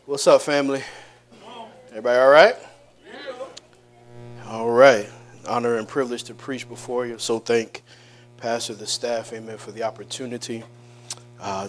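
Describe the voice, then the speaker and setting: A man's voice: medium pitch, a little hiss or hum. A middle-aged man preaching a conversational sermon in a church, chatty, with laughing asides and call-outs to the congregation. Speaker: evangelist preacher. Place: church sanctuary.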